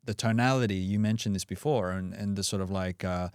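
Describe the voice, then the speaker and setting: Rambling Australian man, low voice. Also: brisk, darkish tone, clear, resonant tone, no echo, clean studio sound. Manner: rambling, loose, many restarts and fillers. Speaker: podcast guest, breathwork coach. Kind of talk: casual conversational interview.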